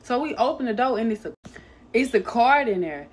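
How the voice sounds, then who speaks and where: A woman's voice: fairly high pitch, animated, fairly quick, a little hiss or hum. A young adult woman, a hairstylist, telling a long storytime to her viewers in a loose, chatty way, swearing and calling them y'all. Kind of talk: casual storytime vlog.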